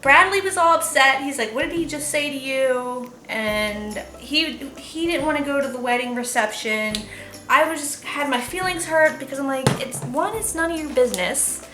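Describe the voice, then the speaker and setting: A woman's voice: high voice, moderate pace, echoey room, over music. A young adult woman telling a rambling story in a casual chat while making soap at home, with many restarts. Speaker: soap maker channel host.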